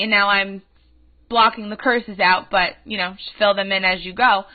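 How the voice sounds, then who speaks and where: A woman's voice: medium pitch, normal speed. Brief: 21-year-old woman, podcast host, indignant rant, tinny phone-like sound. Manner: indignant, emphatic, animated. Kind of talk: casual ranting storytelling.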